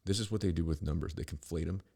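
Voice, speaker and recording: A man's voice: deep voice, fast, gravelly, warm tone, husky. A middle-aged man hosting a podcast, ranting in a rambling, profane, sarcastic monologue full of restarts. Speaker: podcast host.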